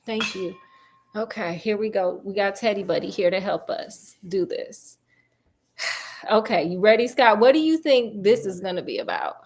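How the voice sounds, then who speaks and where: A woman's voice: medium pitch, expressive, normal speed, a little hiss or hum. A woman host telling a true story in a casual, sassy, chatty way, full of slang asides.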